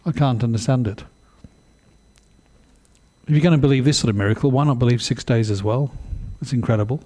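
A male preacher gives a sermon in an ordinary-pitched, mellow, relaxed voice, slightly fast, staying conversational and animated while repeatedly pausing to question his listeners.

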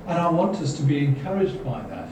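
A man's voice: a little high, expressive, fairly quick. A man preaching a sermon in an earnest, questioning, exhorting manner. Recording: echoey hall, from far off, faint noise.

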